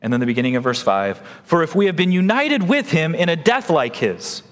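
A man preaching a sermon, animated and emphatic, his pitch swinging widely as he stresses points. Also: brisk, big-room sound. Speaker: pastor.

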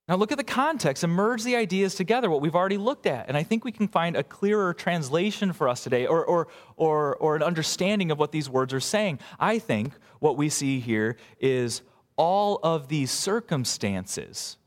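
Animated preaching man in a reverberant hall. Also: moderate pace. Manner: expressive preaching, swings between emphatic highs and quiet asides. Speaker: pastor. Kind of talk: sermon.

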